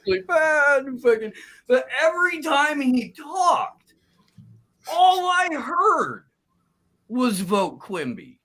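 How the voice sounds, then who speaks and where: A man's voice: very high voice, animated, sharp tone. A man in casual podcast chat, telling rambling stories. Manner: slow, rambling storyteller. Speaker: podcast co-host.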